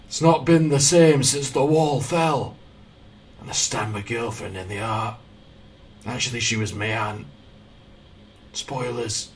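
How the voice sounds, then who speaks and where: A man's voice: mid-range voice, takes it slowly, pauses often, recorded from a distance, a little hiss or hum, close to an everyday voice. Jon Snow , as a man puts him on. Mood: gloomy. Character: brooding young northern swordsman, gloomy.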